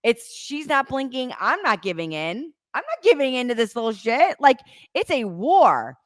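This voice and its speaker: A woman co-hosting a podcast in casual chat, telling animated stories and swearing freely. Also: high-pitched, moderate pace, no echo, studio quality. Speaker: podcast co-host.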